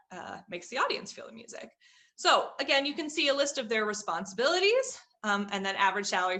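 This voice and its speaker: Bright-voiced woman teaching vocabulary. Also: mid-range voice. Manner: chatty, many fillers and hedges. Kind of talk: casual vocabulary lesson.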